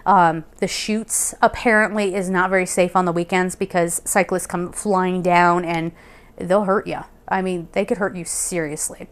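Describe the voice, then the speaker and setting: A young adult woman vlogging, telling a rambling personal story in a chatty, animated way and laughing now and then. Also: fairly low pitch, moderate pace. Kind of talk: casual storytelling. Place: Colorado Springs.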